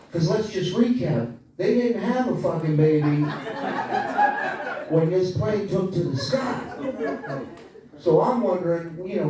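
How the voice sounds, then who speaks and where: Guy doing stand-up, sarcastic and swears a lot, kinda high voice, sounds far off in a boomy club with people laughing. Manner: profane storytelling, punchy and sarcastic. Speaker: stand-up comedian. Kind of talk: stand-up comedy set. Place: comedy club, live audience. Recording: echoey club room, crowd noise, from far off. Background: audience laughter.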